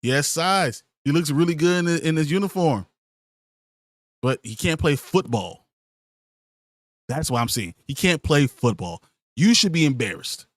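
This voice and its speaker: Exasperated podcast host, high and lively, swearing rant, dry sound. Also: male voice, unhurried, long pauses, no echo. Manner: exasperated, profane ranting. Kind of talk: ranting sports podcast.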